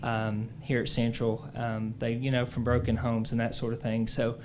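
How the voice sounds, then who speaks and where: A man's voice: medium pitch, monotone, moderate pace. A man teacher speaks hesitantly at a public meeting, with many fillers. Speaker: horticulture teacher. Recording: faint background noise.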